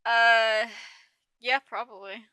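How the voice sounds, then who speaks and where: A woman's voice: a little high, little pitch movement, slow, sharp tone, smooth. A woman player at a tabletop game, asking hesitant questions in casual table talk.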